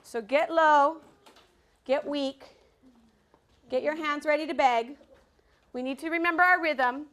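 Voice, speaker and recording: A woman's voice: high voice, a little slow, pauses often, a bit bright. A woman teaching a dance class to young children, talking energetically and counting the rhythm aloud.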